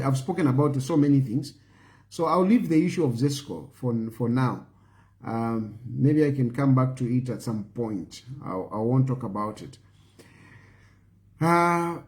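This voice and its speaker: A man's voice: on the high side, a little mellow. A man with a Zambian accent making an impassioned, pleading appeal to viewers as a political commentator, often repeating phrases for emphasis. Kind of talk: impassioned appeal to an online audience.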